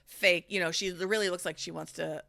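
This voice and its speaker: A woman's voice: on the low side, fairly even intonation, brisk, creaky, fairly bright tone, no room sound, studio quality. A woman hosting a podcast, telling a reality-TV recap in a chatty, storytelling way and swearing freely. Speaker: podcast host.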